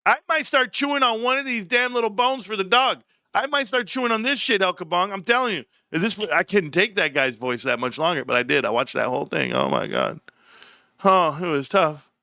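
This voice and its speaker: A man hosting a casual live stream. He talks in an excitable, animated way and swears often. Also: sits high, a little fast, hardly any pauses, no echo, clean studio sound. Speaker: livestream host. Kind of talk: casual livestream chat.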